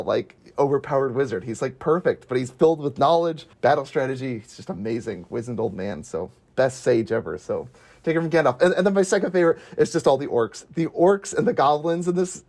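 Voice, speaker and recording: Casual dude raving about a movie, lots of "like", kinda high voice. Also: male voice, darkish tone. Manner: enthusiastic, gushing, heavy use of "like". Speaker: podcast panelist.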